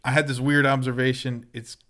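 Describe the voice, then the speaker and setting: A man's voice: mid-range voice, little pitch movement, brisk, fairly bright tone. A man co-hosting a podcast, telling rambling stories in casual chat. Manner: rambling anecdotes with laughter and quoted voices. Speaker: podcast co-host.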